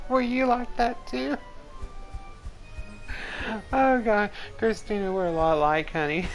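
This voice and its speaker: A woman's voice: medium pitch, measured pace, gravelly, long pauses, soft background music, low-quality recording. Rambling, giggly woman in her forties. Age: 40s. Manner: rambling, laughs often mid-sentence, heavy use of "like". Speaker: game streamer. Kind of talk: casual storytelling to a live chat.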